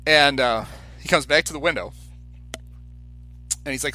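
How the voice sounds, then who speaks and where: A man's voice: on the high side, moderate pace, faint music behind. A man co-hosting a podcast, telling a story in casual chat and acting out the people in it. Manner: animated anecdote teller, acts out quoted voices. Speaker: podcast co-host.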